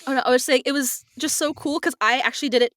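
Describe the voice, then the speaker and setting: Animated, higher-pitched woman in a dry recording. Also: quick pace, dry recording. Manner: animated, acts out quoted voices, laughs often. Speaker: voice actor guest. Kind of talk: casual podcast interview.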